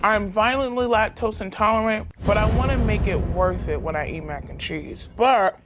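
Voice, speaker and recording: A woman's voice: mid-range voice, moderate pace, over music. Playful young woman judging food. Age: young adult. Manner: playful, frank. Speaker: food judge. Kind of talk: casual food review.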